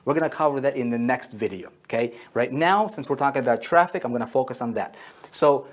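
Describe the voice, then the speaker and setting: A fast-talking man with a mid-range voice teaches an online marketing lesson at a whiteboard. He repeats key phrases and checks in with "okay?" and "right?" after each point.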